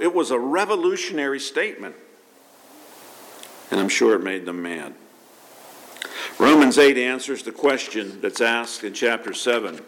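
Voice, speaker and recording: Guy preaching a sermon, mid pitch, animated, lots of rhetorical questions and repeats. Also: normal speed, pauses often. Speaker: pastor.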